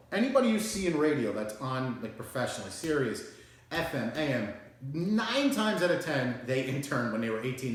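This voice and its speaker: A man in his thirties hosting his own solo show, talking bluntly and profanely in a rambling casual monologue full of restarts. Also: medium pitch. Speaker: show host. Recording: very echoey room.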